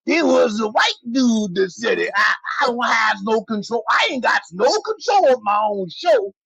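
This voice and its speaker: A man's voice: very high voice, big pitch swings, moderate pace, vocal fry, breathy edge, no echo, full character voice. A man putting on a servile, eager-to-please entertainer voice in an exaggerated drawl. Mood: mock-nervous. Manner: exaggerated drawl, loud then hushed.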